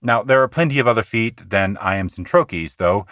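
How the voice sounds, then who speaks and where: A man with a fairly low voice leads a poetry lesson for his podcast. He is earnest and conversational, rushing through asides and slowing right down to sound out rhythms. The sound is dry and close, with no room around it. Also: expressive, a bit bright, dry recording. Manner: earnest, explanatory, slows down to recite lines rhythmically. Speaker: podcast host teaching poetry.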